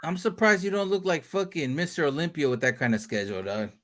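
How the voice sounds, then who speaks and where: A man hosting a livestream chat jokes around in a loose, profane style, laughing often. His voice is fairly high and he talks fast, keeping the casual banter animated.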